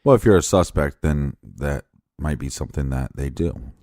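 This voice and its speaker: A man's voice: extremely low pitch, moderate pace, a little mellow, no room sound, clean studio sound. A man co-hosting a true crime podcast, blunt and opinionated, with a mocking edge. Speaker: podcast co-host.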